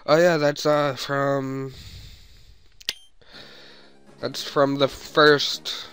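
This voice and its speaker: A man's voice: medium pitch, sharp tone, smooth. A young man rambling playfully as he comments on a video game he is playing. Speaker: let's play host. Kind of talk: let's play commentary.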